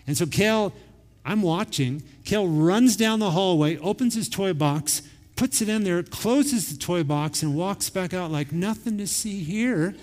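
Man in his forties, pastor preaching, fairly high voice, lively storytelling, long reverb of a church hall. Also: unhurried. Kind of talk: sermon.

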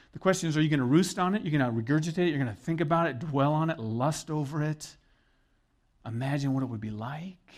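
A middle-aged man preaching a sermon as pastor, conversational and earnest with joking asides. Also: medium pitch.

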